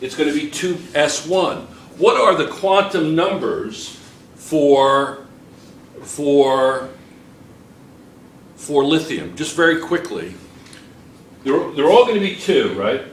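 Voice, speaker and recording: A man's voice: on the high side, expressive, slow pace, pauses often, slight background noise. An American man with a New Jersey accent, a chemistry teacher lecturing and quizzing his class in a classroom. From United States. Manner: chatty, asks the class questions.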